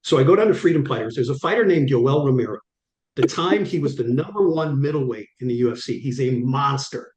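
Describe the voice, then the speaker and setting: A man's voice: mid-range voice, darkish tone. Middle-aged man telling vivid stories. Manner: vivid, acts out quoted dialogue. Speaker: guest. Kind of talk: animated storytelling. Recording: echoey room.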